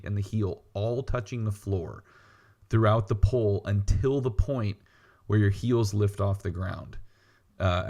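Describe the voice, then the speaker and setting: Low-voiced man explaining lifting technique. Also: mellow. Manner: explanatory, wry teasing. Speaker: podcast co-host, weightlifting coach. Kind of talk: casual coaching chat.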